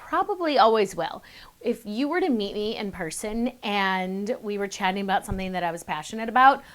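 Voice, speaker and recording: A young woman giving public speaking tips straight to camera, in a chatty, upbeat way with quick bursts and self-aware asides. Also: mid-range voice, fairly bright tone, clean tone. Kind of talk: casual to-camera tips video.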